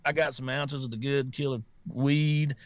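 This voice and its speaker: A man's voice: mid-range voice, little pitch movement, moderate pace, a loud crowd, lightly acted. A man voicing a shady street drug dealer with slangy hustler patter. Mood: hustling.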